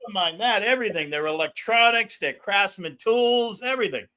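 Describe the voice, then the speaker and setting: A man's voice: high voice, animated, brisk, bright, forceful tone. An older man hosting a casual stream chat over a video call, rambling through stories and laughing at his own jokes. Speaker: stream host.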